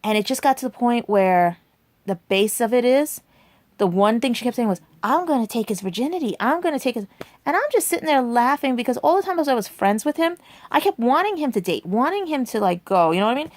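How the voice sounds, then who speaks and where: A woman's voice: a little high, animated, brisk, no echo. Chatty forty-year-old woman, dry sound. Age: 40s. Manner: chatty, repeats "right?" and "and everything". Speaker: vlogger. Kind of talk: rambling personal storytime.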